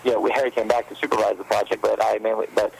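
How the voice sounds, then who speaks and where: In a casual interview, a fan filmmaker guest tells rambling, animated stories very fast in a gravelly, fairly low voice, and the audio quality is poor.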